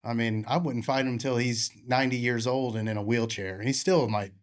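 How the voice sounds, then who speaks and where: A man's voice: medium pitch, fairly even intonation, fairly quick. A man hosting a fight podcast, talking in a blunt, laid-back, profane way in casual chat. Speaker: podcast host.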